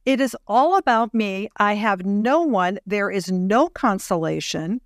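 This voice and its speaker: A woman's voice: mid-range voice, lively intonation, measured pace, no room sound, clean studio sound. Reflective woman podcast host. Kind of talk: podcast interview.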